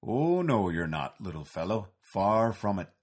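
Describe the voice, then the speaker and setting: Deep, husky, gentle old man voiced by the male narrator, low-key and weary. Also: very animated, measured pace, full character voice. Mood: calm weary.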